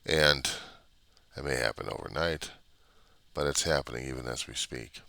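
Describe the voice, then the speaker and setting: A man with an extremely low, gravelly voice that still comes across bright and forceful. He rants in an agitated, repetitive way, piling up rhetorical questions. The recording is dry and close, with no room sound. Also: moderate pace, no echo. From United States. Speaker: vlogger. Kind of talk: ranting monologue. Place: apartment.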